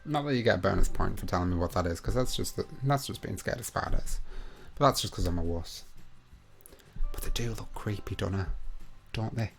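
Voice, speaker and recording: Young male quiz host, lowish voice, playful and chatty, reads questions twice, faint music behind. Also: animated, vocal fry. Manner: reads each question twice, slow and emphatic. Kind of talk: live online quiz hosting.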